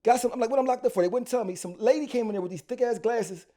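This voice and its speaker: A man with a Philly accent tells his story in quick, slangy bursts, doubling back and restarting often. His voice sits high but has a dark, mellow tone. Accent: Philadelphia. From Philadelphia. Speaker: rapper guest. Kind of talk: storytelling interview.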